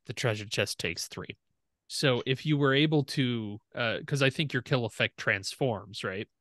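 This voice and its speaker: A young man running a tabletop game, explaining rules in a relaxed way with fillers. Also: mid-range voice, measured pace, no echo, clean studio sound. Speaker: game master.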